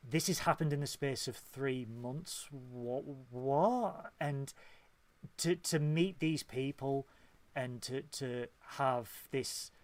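A man from Hull with a Yorkshire English accent, hosting a casual podcast chat, talkative and quick to laugh. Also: medium pitch, dry recording. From Hull, England. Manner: chatty, laughs often, animated. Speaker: podcast host.

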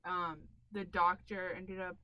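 A pregnant woman telling a story in casual chat, animated and dramatic, swearing and laughing often. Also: lowish voice, unhurried, muffled recording.

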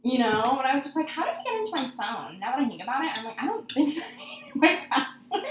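A young woman in casual chat, an animated storyteller who swears freely, recorded in an echoey room. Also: high voice, fast talker, slight background noise.

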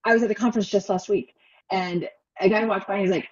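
A woman hosting a casual interview, talking in an animated, expressive way about emotions at work. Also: mid-range voice, fast talker, lo-fi sound, a loud crowd. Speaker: podcast host.

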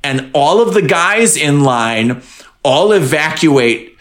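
A man's voice: on the high side, slow. A man co-hosting a casual podcast, recapping a TV episode and acting out the characters with cursing and laughter. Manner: animated, acts out characters with profanity. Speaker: podcast co-host. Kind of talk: casual chat recapping a TV show.

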